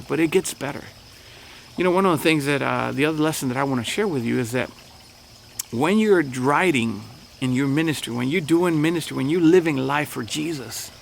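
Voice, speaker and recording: A man speaking as a pastor in a relaxed, chatty devotional talk with many fillers. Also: fairly high pitch, creaky, a little hiss or hum.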